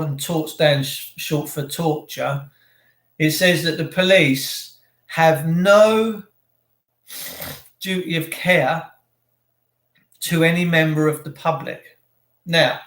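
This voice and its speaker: A man hosting a livestream, talking in a rambling, sarcastic and opinionated way and chatting to his viewers. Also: on the high side. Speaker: livestream host. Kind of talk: rambling ranting monologue. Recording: roomy echo.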